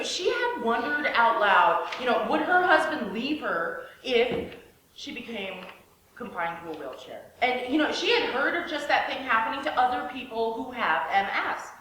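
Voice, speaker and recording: A woman's voice: fairly high pitch, fairly bright tone. Sarcastic woman telling a story, echoey room. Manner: sarcastic, wry. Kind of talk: personal storytelling. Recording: echoey room, faint hiss.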